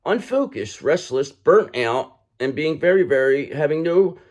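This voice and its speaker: A man's voice: a little high, lively intonation, a little slow. A man giving a casual, emphatic tarot reading to his viewers. He repeats "okay?" constantly and swears freely. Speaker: tarot reader.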